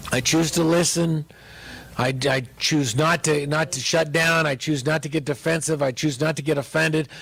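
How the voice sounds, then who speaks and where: A man pastor teaching about marriage, joking and animated as he speaks to his listeners. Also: on the high side, creaky, dry recording, poor audio.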